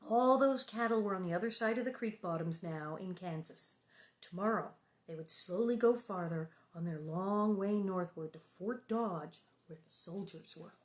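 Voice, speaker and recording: Woman reading a kids' book out loud, chatty and playful, keeps answering the chat. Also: mid-range voice, moderate pace. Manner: chatty, playful, reacts to viewer comments. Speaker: reader hosting a book reading stream. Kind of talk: reading a children's novel aloud with chatty asides.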